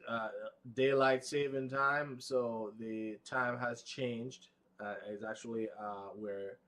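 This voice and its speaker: A man hosting a casual live vlog, rambling in an unhurried, low-key way and stuttering, with many fillers and restarts. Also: fairly bright tone. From United States, Pacific time zone. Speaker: vlog host.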